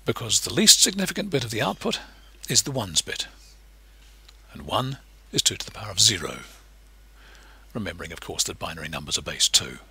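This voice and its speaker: Husky male lecturer, bright and lively. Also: brisk. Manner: patient, explanatory, lively pitch shifts. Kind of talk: recorded lecture narration.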